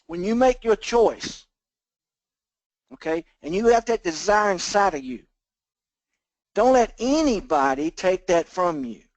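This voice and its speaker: A man's voice: sits high, animated, measured pace, pauses often, dry recording, rough recording. A man leading a sales team call, giving a folksy motivational talk. He repeats phrases over and over in a preachy rhythm. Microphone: phone or conference call line.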